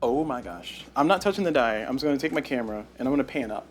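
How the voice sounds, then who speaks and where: A man playing a solo board game live on stream, talking through each move and getting loudly exasperated over bad dice rolls. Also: mid-range voice, expressive, fast talker, faint music behind.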